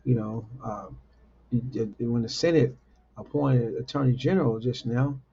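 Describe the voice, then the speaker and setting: Guy ranting about politics, gravelly husky voice, dull lo-fi sound, keeps asking the same questions over and over. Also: medium pitch, moderate pace, mellow. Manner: repeats rhetorical questions, many fillers. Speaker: host. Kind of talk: informal political commentary.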